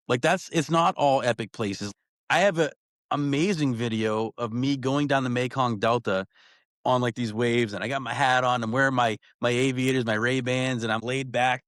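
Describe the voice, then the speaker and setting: A man talking as a podcast guest, telling stories in a casual, animated way full of slang like "bro" and "dude". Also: medium pitch, no room sound, studio quality. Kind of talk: casual storytelling chat.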